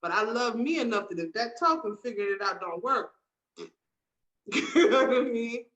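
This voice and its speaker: A woman's voice: on the high side, animated, normal speed, a bit bright, poor audio. A woman co-hosting a casual podcast chat, telling personal stories with emphasis and acting out what people said. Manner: emphatic storytelling, acting out quotes. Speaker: podcast co-host.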